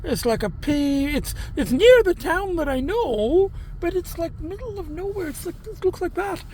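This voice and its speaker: A man's voice: very high-pitched, animated, moderate pace, a little mellow. A man in a casual vlog telling a rambling story with swearing, talking into a handheld camera near his car on rural roads. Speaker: vlogger.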